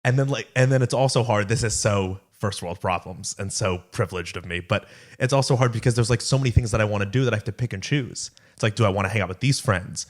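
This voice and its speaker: Co-host, young adult man, lowish voice, loose rambling delivery. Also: quick pace, few pauses. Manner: rambling, filler-heavy storytelling. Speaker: podcast co-host. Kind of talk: casual chat.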